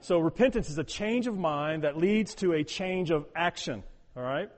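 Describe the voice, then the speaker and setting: A male pastor preaching in a church hall, his voice set high for a man. He stresses his points hard, doubles up words, and drops to a hushed, prayerful tone between loud urging passages. The sound carries a long hall reverb. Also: expressive, moderate pace. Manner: emphatic, repeats words, swings from loud urging to quiet prayerful tones. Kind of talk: sermon.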